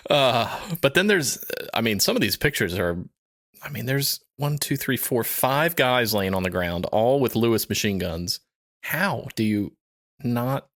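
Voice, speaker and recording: A man's voice: medium pitch, lively intonation, unhurried, a bit bright. A man co-hosting a podcast in casual chat, rambling, restarting his sentences, swearing and laughing often. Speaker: podcast co-host.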